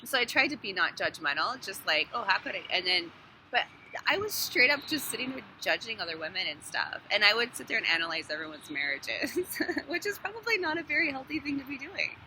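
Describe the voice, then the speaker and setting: A woman who works as a hairstylist talks casually to the camera, lively and frank, swearing now and then. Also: a little high, rough recording. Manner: animated, swears, laughs between thoughts. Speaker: hairstylist vlogger. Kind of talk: casual phone monologue. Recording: noticeable background noise.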